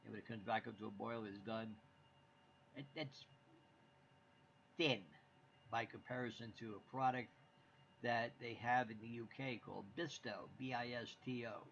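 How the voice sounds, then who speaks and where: A man's voice: medium pitch, steady tone, moderate pace, creaky, long pauses, a bit bright. A man from the United States hosting a live stream, chatting to viewers in a rambling, jokey way. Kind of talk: casual chat to viewers. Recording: dull lo-fi stream audio with faint hiss.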